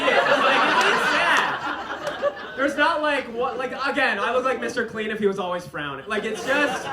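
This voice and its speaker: A young man doing a stand-up comedy set on stage, with a light, fairy-tale-like voice. He is animated and laughs through his punchlines. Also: sits high. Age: young adult. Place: comedy stage before a live audience. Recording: roomy live venue, loud audience noise.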